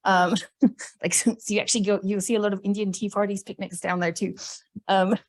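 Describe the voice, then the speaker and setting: A woman giving a conference talk, chatty and animated, laughing often. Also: mid-range voice, brisk. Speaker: conference presenter.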